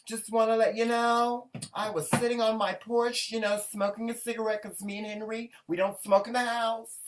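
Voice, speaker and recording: A man's voice: high-pitched, flat delivery, normal speed, voice pushed up, lightly acted. A man voicing a fussy, nosy middle-aged neighbor woman who tattles breathlessly, heard from a slightly distant mic. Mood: tattling.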